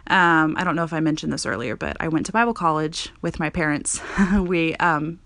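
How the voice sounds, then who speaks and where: Chatty woman with a lowish voice. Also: moderate pace, a bit bright, no room sound, clean studio sound. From Montana, USA. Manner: chatty, frequent "um" fillers. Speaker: podcast host. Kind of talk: casual personal monologue.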